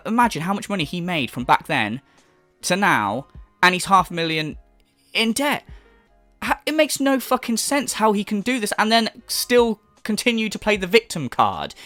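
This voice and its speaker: A man's voice: sits high, fairly bright tone, no echo. A man hosting a commentary channel, delivering an exasperated, profane rant full of mockery. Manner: exasperated, sweary, mocking.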